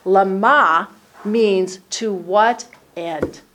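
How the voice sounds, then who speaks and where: A woman's voice: medium pitch, extremely slow. A woman teaching a conversational Bible study class to a group, acting out the dialogue in the text as she explains it. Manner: lively, acts out the dialogue in the text.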